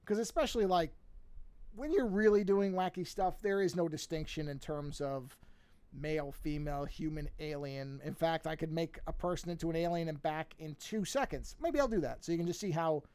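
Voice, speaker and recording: A man's voice: a little high, normal speed, a little mellow, smooth. Rambling man teaching cartoon drawing. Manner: rambling, restarts and trails off, thinks aloud. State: yawning, a bit sleepy. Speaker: art teacher streaming a drawing lesson. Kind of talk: casual drawing livestream.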